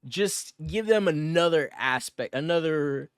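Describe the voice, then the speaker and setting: A young man co-hosts a casual podcast, rambling quickly through slang, swearing and filler words. His voice sits a little high. The sound is dry and close. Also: animated, clear, resonant tone, dry recording. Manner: fast, rambling, slangy and profane, with many fillers. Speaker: podcast co-host.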